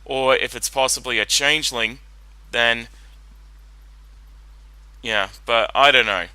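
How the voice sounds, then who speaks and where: A man's voice: mid-range voice, slow pace, sharp tone, clean tone, no echo, low-quality recording. A man giving casual commentary while watching a cartoon, rambling and hesitant, often correcting himself. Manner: rambling, hesitant, self-interrupting. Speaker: reaction video host.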